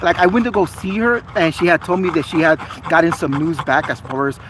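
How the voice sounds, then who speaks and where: A man's voice: on the high side, lively intonation, fairly quick, background noise. A man in a casual livestream chat with viewers, chatty, earnest and apologetic. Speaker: vlogger.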